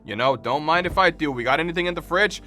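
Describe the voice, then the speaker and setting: A man's voice: on the high side, quick pace, pushed and bright, faint music behind. A man streaming a game, chatting casually with goofy, joking asides. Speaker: gaming streamer. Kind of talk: casual gameplay commentary.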